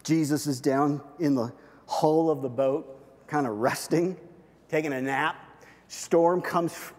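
A man preaching a sermon, retelling Bible stories in a lively, casual storytelling way. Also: on the high side, slow pace, long reverb tail. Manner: lively storytelling, acts out biblical quotes casually. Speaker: pastor.

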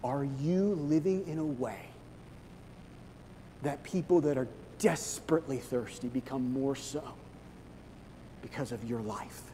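A man preaching a sermon as pastor, animated and swinging from hushed to loud. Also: medium pitch, measured pace, long pauses, a little hiss or hum. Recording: long reverb of a large hall.

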